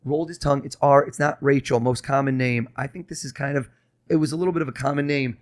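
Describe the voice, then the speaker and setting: Fast-talking young man doing mind-reading. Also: medium pitch. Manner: fast, animated, coaxing. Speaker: mentalist guest. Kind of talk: casual podcast talk with live mind-reading.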